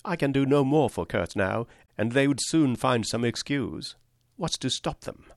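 A man's voice: medium pitch, lively intonation, moderate pace, no room sound, studio quality, pitched above the performer's own voice, close to an everyday voice. A man voicing an earnest, anxious young sailor who talks eagerly with a slight stammer, in an audiobook reading. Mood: earnest worry. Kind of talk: audiobook character voice.

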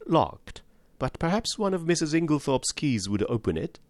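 A calm, fussy elderly detective with a French-tinged accent, as a male narrator puts him on. His precise questions rise and fall in a lively way, recorded dry and close for an audiobook. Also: fairly high pitch, moderate pace, no echo, voice pushed up. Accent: put-on French-tinged. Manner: precise, placid, calmly probing. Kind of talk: audiobook reading.

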